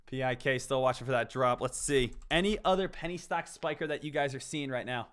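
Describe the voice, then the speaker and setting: A man's voice: mid-range voice, fairly quick, a bit bright. A man hosting a live trading stream, chatting casually and answering his viewers, often repeating the word "again.".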